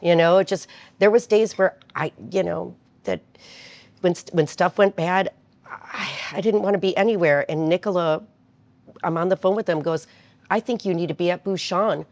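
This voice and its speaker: A woman's voice: on the low side, normal speed, darkish tone. A woman in an interview, reflecting on years of restaurant work in a heartfelt, storytelling way. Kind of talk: casual interview talk.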